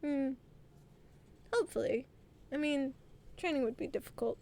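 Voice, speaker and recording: A woman's voice: high-pitched, normal speed, dark tone. A woman from the American South chatting casually on a live stream, giggly and rambling, with frequent laughs. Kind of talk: casual chat.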